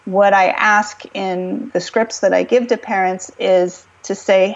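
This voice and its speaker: A woman speaking as a guest expert on a podcast, giving calm parenting advice and acting out scripts for parents. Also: mid-range voice, unhurried, hardly any pauses, highs cut off. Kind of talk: podcast conversation.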